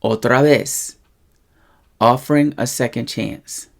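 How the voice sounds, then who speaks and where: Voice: mid-range voice, fairly even intonation, slow pace, vocal fry. A language teacher talking through a casual lesson, explaining patiently and checking in with the listener often. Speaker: Spanish teacher.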